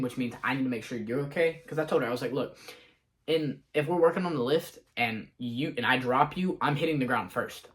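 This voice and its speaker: A man's voice: medium pitch, fairly bright tone. Young man, casual vlog, rambling, scatterbrained, retells conversations. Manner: scatterbrained, quotes himself and others in conversation. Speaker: vlogger. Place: in a car.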